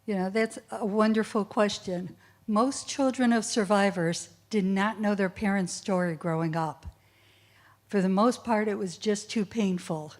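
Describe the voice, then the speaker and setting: A middle-aged woman, the child of a Holocaust survivor, answering student questions at a school assembly, earnest and at times close to tears. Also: medium pitch. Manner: emotional, tearful at times, earnest.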